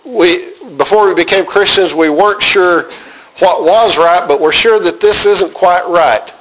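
A man preaching a sermon with animated emphasis, often repeating words as he reads and explains scripture. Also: high voice, measured pace, low-quality recording.

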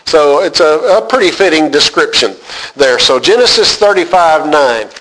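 A man teaching a Bible class, reading scripture aloud and explaining it with frequent pauses, asking his class questions. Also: on the high side, animated, a bit bright, low-quality recording. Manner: unhurried, reads scripture aloud then explains with many "uh" pauses.

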